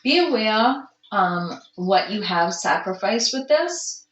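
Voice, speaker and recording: A woman doing a casual tarot reading to camera, slow and musing, with soft gushing exclamations and an allergy-roughened throat. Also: mid-range voice, sing-song, roomy sound, low-quality recording. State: clearing her throat from allergies. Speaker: tarot card reader.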